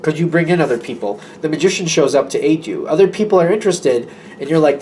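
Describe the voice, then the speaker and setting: A man's voice: on the high side, animated, quick pace, a little mellow, slight background noise. A man giving a casual, rambling tarot reading who acts out imagined conversations as he goes. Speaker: tarot reader.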